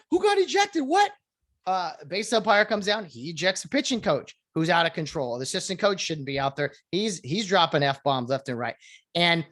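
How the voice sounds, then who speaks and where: Man, video host, casual rant, rambling, self-correcting, lively jumps in pitch. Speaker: video host commenting on baseball.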